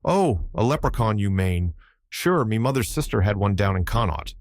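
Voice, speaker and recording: Man voicing old Irish seaman, superstitious and innocent; deep, lilting yarn-teller for an audiobook. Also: normal speed, no echo, studio quality. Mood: storytelling. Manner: yarn-spinning, lilting, animated.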